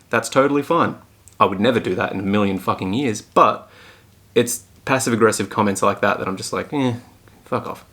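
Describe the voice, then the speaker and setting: A young man with a medium-pitched, slightly bright voice hosts a solo podcast. He's a podcast host and fitness coach, and his casual talk is blunt, frank, and full of swearing.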